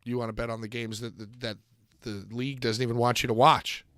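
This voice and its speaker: A man co-hosting a casual podcast chat, loud and joking, swearing freely as he banters. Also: mid-range voice, little pitch movement, a little fast, no echo, studio quality. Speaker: podcast co-host.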